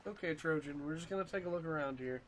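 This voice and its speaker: A man's voice: fairly high pitch, fast talker, a bit bright, slight background noise. A man giving casual commentary while playing a video game, talking to his horse and getting frustrated at the game. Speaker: gamer.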